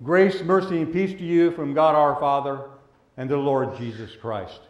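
A man preaching a sermon as pastor. He speaks in a measured way and draws out the words he wants to stress. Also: a little high, muffled recording. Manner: measured, with drawn-out emphasis on key words. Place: church sanctuary. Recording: echoey church room.

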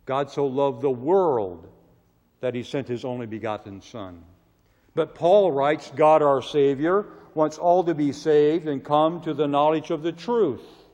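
A man preaching a sermon with emphatic delivery, his voice swelling loud and falling low. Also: measured pace. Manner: emphatic, rising to loud cries on quoted prayers, then dropping low. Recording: long reverb of a large hall.

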